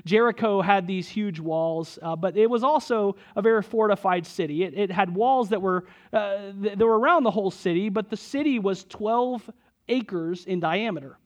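A young man preaching a sermon, telling a personal story and building to loud, emphatic moments. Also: sits high, moderate pace. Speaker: pastor.

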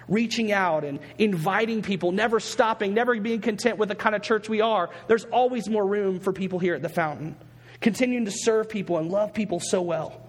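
A man's voice: high-pitched, big-room sound. A male pastor preaching a sermon in a church, earnest and repeating phrases for emphasis. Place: church sanctuary.

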